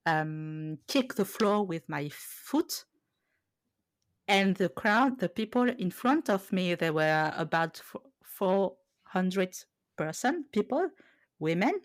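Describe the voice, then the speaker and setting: A woman's voice: mid-range voice, no echo, studio quality. Hesitant woman. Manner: hesitant, searching for words, frequent self-corrections. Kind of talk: casual podcast conversation.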